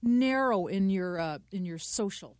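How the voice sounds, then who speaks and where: A woman's voice: medium pitch, expressive, measured pace, no echo. A woman co-hosting a talk show in a casual chat, giggly, rambling and playfully pushy. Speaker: podcast co-host.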